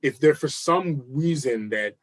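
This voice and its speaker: Brief: man, enthusiastic guest pitching hard, repeats himself for emphasis. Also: expressive, measured pace. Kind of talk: live chat interview.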